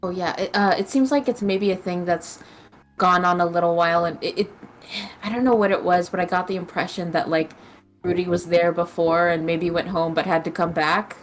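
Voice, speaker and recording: Hesitant lower-voiced woman in a chat. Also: steady tone, brisk, a little hiss or hum. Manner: hesitant, thoughtful. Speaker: friend in group discussion. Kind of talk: casual group chat over a call.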